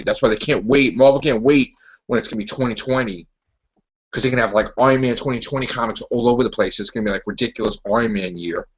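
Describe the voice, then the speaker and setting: On a lo-fi, muffled recording, a podcast host with a medium-pitched, fairly bright voice goes on a casual comic-book rant. He's animated, laughs, and stumbles over restarts.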